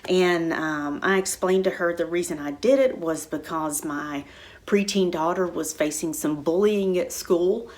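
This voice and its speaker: A middle-aged woman talking in a casual, heartfelt way, with a slightly low voice. She rambles gently and often pauses on fillers and restarts as she tells her own stories. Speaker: spiritual center speaker. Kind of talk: casual personal talk.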